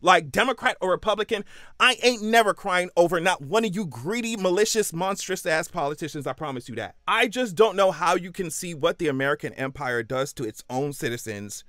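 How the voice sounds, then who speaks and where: Sassy high-voiced man ranting. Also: expressive, a little fast, fairly bright tone, no room sound, studio quality. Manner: sassy, emphatic, repeats for effect. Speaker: commentary vlogger. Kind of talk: casual political commentary rant.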